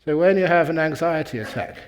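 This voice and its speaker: A man's voice: on the high side, expressive, brisk. A man who is a Buddhist monk and meditation teacher, telling a humorous story in a talk and chuckling at his own jokes.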